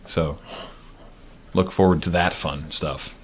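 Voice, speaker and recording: A man's voice: very deep voice, steady tone, takes it slowly, husky. A man hosting a stream aftershow, chatting casually and rambling with plenty of fillers. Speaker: stream host. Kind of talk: casual chat.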